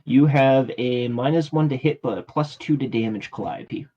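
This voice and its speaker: A man's voice: mid-range voice, moderate pace, mellow, breathy edge, highs cut off. A man acting as game master, casually explaining game rules with many filler sounds.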